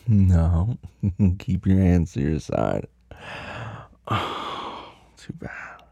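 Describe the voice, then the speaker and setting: Gravelly, very husky commanding man. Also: low-pitched, very animated, drawn-out words, mellow, no echo. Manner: commanding and teasing; drops to a whisper at times. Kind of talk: dominant audio role-play.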